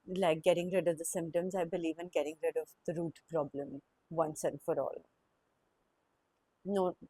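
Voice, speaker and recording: Young woman vlogger, mellow voice, dry close sound; halting, emotional confessional monologue. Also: on the low side, no echo. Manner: emotional, halting, with sighs and restarts.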